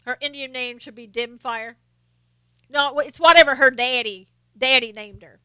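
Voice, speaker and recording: A woman's voice: sits high, fairly even intonation, moderate pace, bright, forceful tone, smooth, no room sound. A woman hosting a casual live stream, chatting and laughing as she reads viewer comments aloud. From Southern United States.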